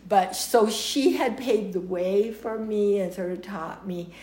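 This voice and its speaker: An older woman with an American accent, telling lively stories in a casual interview and laughing often. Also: mid-range voice, slow pace, roomy sound. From United States.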